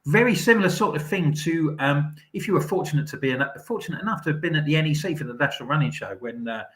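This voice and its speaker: A man co-hosting a casual podcast chat, upbeat and pausing with "um" and "uh". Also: on the high side, expressive, a bit bright. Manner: upbeat, hesitant with "um" and "uh". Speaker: podcast co-host.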